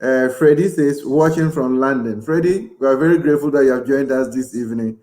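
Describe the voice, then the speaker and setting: A man's voice: mid-range voice, brisk, warm tone. A man hosting a live show, chatty and effusive, reading out viewer comments and thanking them. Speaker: host.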